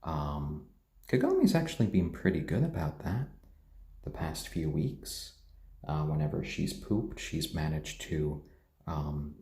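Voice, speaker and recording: A man with a mixed British and American accent, chatting gently on a live stream and cooing to his pets. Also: low voice, echoey room. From born in Tokyo, raised British and American. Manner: gentle, soft-spoken, coos at pets. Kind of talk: casual live-stream chat.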